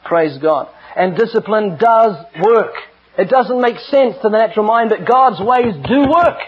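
A man's voice: sits high, expressive, a little slow, breathy edge. A middle-aged man preaching an earnest, emphatic sermon with personal stories. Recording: dull lo-fi recording.

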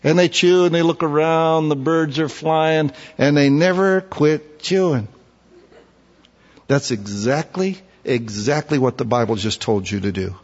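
A man's voice: a little high, moderate pace, hardly any pauses, muffled recording. Folksy preaching man, echoey hall. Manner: folksy storytelling, swinging between hushed asides and raised emphatic preaching. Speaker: pastor. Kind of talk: sermon.

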